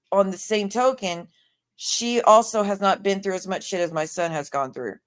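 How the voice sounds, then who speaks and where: A woman in her forties chatting casually on her livestream, reading viewer comments aloud and talking back to them. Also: on the low side. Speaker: livestream host.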